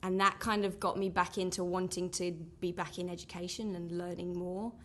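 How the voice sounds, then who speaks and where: A woman's voice: fairly low pitch, little pitch movement, a little fast, fairly bright tone. A woman in her thirties from England with an Essex accent, chatting casually as a guest in an interview. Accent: Essex English. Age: 30s.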